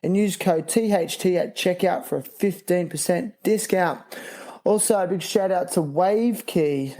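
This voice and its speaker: A man's voice: fairly high pitch, warm tone. A man hosting a podcast interview, reading sponsor spots and chatting in laid-back surfer slang. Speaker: podcast host. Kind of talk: casual interview.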